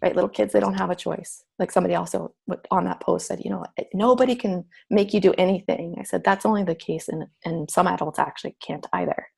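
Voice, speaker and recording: A woman's voice: lowish voice, fast talker, few pauses, darkish tone. A middle-aged woman telling a personal story in casual talk, acting out her own inner voice. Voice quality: gravelly, husky. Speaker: guest.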